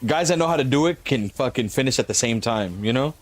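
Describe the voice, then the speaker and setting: A man chatting casually and joking while playing a game on a live stream, swearing freely and sounding a little flat and bothered. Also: mid-range voice, fast talker.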